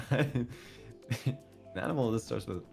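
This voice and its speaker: A male gamer reacting in animated, giggly bursts while chatting with a friend. His pitch is ordinary and middling, and quiet game music plays behind him. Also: slow, vocal fry. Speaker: guest streamer. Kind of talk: casual chat while gaming.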